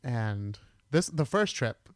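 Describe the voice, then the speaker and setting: Laid-back man with a smooth voice. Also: mid-range voice, sing-song, takes it slowly, no room sound, studio quality. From United States. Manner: laid-back, swears casually, tells stories. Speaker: podcast host. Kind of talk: casual chat.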